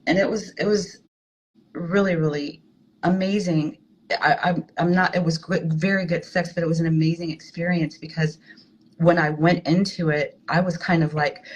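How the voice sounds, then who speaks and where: A woman candidly telling a personal story in a halting way, often restarting her sentences. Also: fairly low pitch, fairly even intonation, breathy edge, poor audio. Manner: halting, frank, with many restarts. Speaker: guest sharing a personal story.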